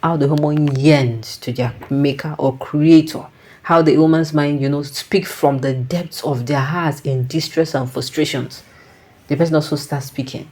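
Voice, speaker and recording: Nigerian woman musing out loud, low voice, warm soft tone, drifts into pidgin. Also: steady tone, normal speed. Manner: reflective, mixes in Pidgin, frequent restarts. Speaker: commentator. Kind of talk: casual commentary.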